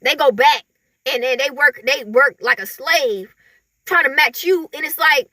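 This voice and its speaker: A woman talking casually into the camera, animated, often laughing and mimicking other people in mocking voices. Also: high voice, measured pace, no room sound. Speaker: vlogger.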